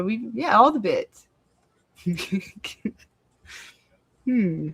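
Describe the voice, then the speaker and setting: Profane, animated woman on a fan panel. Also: on the low side, very slow, pauses often. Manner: profane, animated, acts out quotes from the show. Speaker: podcast panelist. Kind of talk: casual fan-show discussion.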